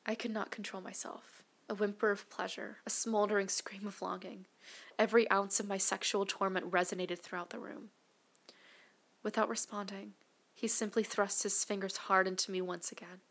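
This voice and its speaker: A woman narrating an erotic audio story, mostly in a hushed, breathy whisper. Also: mid-range voice, flat delivery, moderate pace. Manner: hushed, breathy, intimate delivery.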